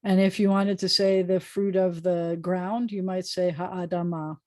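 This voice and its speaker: A woman's voice: lowish voice, fairly even intonation, measured pace, darkish tone. A woman rabbi teaching a prayer book Hebrew lesson over a video call, explaining patiently with frequent ums. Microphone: video call microphone.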